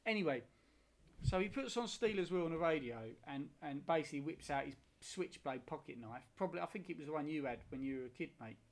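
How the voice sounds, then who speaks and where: A man's voice: on the high side, quick pace. A man, chatting about films on a podcast, enthusiastic and rambling. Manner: enthusiastic, rambling, swears casually. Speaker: podcast co-host. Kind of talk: casual chat about films.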